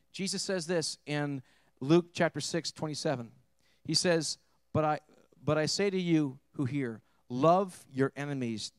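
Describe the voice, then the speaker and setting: A man preaching a sermon as pastor, telling a story and swinging between hushed moments and emphatic ones. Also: fairly high pitch, no echo.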